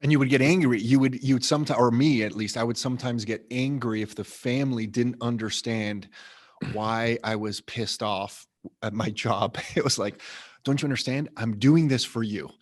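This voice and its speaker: A man's voice: mid-range voice, fairly even intonation, moderate pace. A man hosting a podcast interview, chatty and relatable, with many restarts as he shares his own experience. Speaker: podcast host. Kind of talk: casual interview talk.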